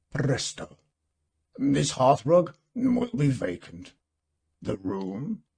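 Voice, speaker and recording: A portly, self-assured gentleman, read by a man holds forth with dry humour and a declaiming confidence. His voice is mellow and husky, with lively swings of pitch. He takes his time over each grand phrase. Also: full character voice.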